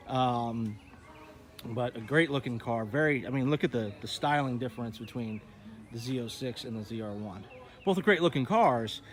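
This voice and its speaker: A man talks viewers through the cars at an outdoor show, eager and conversational. His voice sits at an ordinary middle pitch. Music plays under the open-air camera audio. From Texas. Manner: enthusiastic, chatty, addresses viewers directly. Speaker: host. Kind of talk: casual walkaround car show commentary. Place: outdoor car show lot.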